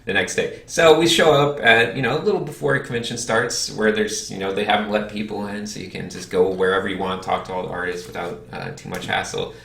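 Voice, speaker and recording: A man's voice: fairly low pitch, fairly quick, creaky, hardly any pauses, reverberant, recorded from a distance. A young man hosting a casual podcast chat, telling a story and acting out the quotes. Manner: animated storyteller, acts out quotes. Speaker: podcast host.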